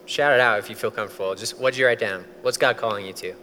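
A man's voice: fairly low pitch, fast, bright, forceful tone, slight background noise. A man preaching a sermon as pastor, talking casually and animatedly, acting out voices when he quotes. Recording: long hall reverb.

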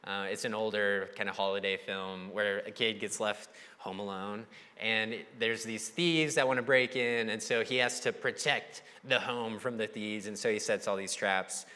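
Conversational young pastor in a reverberant hall. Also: male voice, fairly low pitch, normal speed, few pauses. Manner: conversational, animated, acts out quoted voices. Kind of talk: sermon.

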